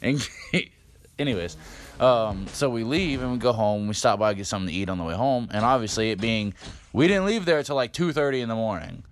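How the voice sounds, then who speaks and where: A man's voice: on the low side, lively intonation, brisk, a little hiss or hum. A man in his fifties telling a story for his vlog in a casual, rambling way, with frequent swearing and fillers. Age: 50s. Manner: rambling, profane, lots of fillers. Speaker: vlogger.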